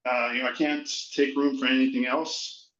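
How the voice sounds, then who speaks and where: A breathless man on a video call, asking a question in an apologetic, halting way. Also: medium pitch, flat delivery, a bit bright. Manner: apologetic, halting, restarts often. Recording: roomy dull video call audio.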